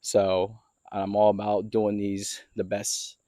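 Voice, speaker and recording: A young man with a fairly low voice rambles through a casual story, heavy on fillers, in an easygoing vlog manner. He films himself outdoors in his yard and walks around while he talks. The recording is dry and close, with almost no room sound. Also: completely flat delivery, takes it slowly, warm tone, no echo. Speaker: car vlogger.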